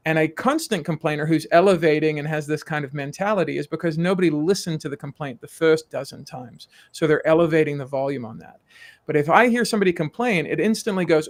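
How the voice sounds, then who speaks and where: Guy coaching on a sales podcast, kinda high voice, lively, acts out little convos. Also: fast. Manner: animated, acts out little dialogues. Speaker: curiosity coach, guest. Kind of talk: conversational podcast coaching talk.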